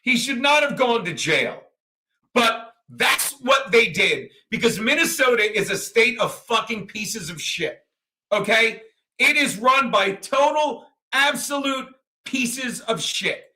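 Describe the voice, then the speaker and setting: This man's voice is very high and sharp, with lively intonation, and he takes his time speaking. Hosting a livestream, he rants crudely and profanely, rambling and often laughing at the chat he reads.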